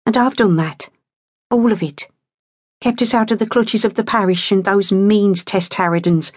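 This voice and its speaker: A woman reading an audiobook, voicing a hardworking, proud and stern mother who talks briskly. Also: medium pitch, no room sound, clean studio sound, lightly acted. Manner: brisk, exasperated, fiercely proud.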